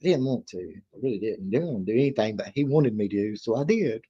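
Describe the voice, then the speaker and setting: A man's voice: on the low side, animated, brisk, warm tone, breathy edge, highs cut off. A man, chatting casually as a livestream host, rambling in a folksy way, laughing often and reading viewer comments aloud.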